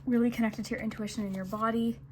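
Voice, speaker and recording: Woman, tarot reader, bit higher voice, chatty and reassuring, light hiss behind. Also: steady tone, fast talker, mellow. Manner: chatty, filler-heavy, reassuring. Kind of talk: casual intuitive reading to camera.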